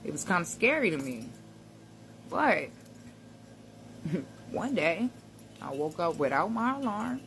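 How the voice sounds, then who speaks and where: A woman's voice: on the low side, very animated, takes it slowly, long pauses, fairly bright tone, slight background noise. A woman giving a casual motivational talk to camera, conversational and reflective, with slang and frequent laughs. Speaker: self-help vlogger.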